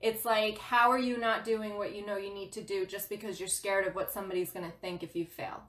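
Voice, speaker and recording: A woman's voice: mid-range voice, little pitch movement, brisk, fairly bright tone, echoey room. Passionate woman giving a motivational livestream talk. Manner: passionate, emphatic, laughs often. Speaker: spiritual guidance host.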